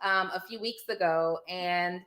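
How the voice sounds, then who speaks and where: A woman co-hosts a podcast in a bright, clear voice. She tells her stories with animation and laughs often. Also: on the low side, unhurried, slight background noise. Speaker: podcast co-host. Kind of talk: casual podcast chat.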